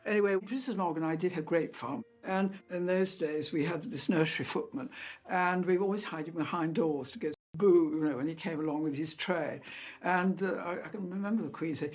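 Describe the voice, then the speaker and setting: An older woman recalling old memories in an interview, chatty and anecdotal, with fillers and soft laughs. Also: lowish voice, brisk. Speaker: interviewee, former lady-in-waiting. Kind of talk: reminiscing in an interview.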